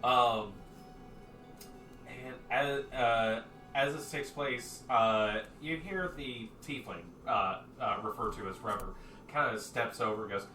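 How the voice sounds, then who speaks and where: A man running a tabletop game as game master, describing the scene in a rambling way with plenty of "uh"s and "like"s. His voice is bright, and it is picked up from some distance in an echoey room with faint background noise. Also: mid-range voice, slow, faint music behind. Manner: rambling, many fillers.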